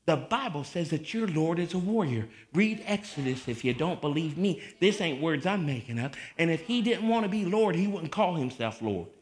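Fiery high-voiced preacher man. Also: lively intonation, moderate pace, few pauses. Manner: confrontational, swings from mocking mutters to shouting. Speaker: pastor. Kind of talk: fiery sermon.

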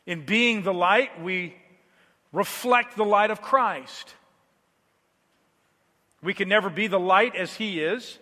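A man preaching a sermon, moving between quiet, low passages and loud, emphatic declarations. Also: slow pace, long pauses, big-room sound.

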